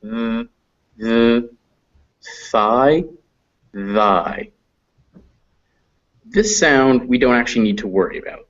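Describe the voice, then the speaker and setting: An American man teaching phonetics in a classroom lecture, slowly drawing out example sounds. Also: fairly low pitch, fairly bright tone, breathy edge. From United States. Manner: slow, drawn-out demonstration of sounds. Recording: dull lo-fi classroom recording.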